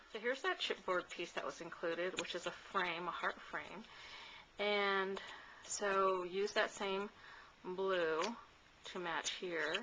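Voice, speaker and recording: Bright-voiced woman demoing crafts. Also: lowish voice, a little hiss or hum, low-quality recording. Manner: chatty, relaxed, with many fillers and pauses. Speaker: crafter demonstrating a mini album. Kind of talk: casual craft tutorial.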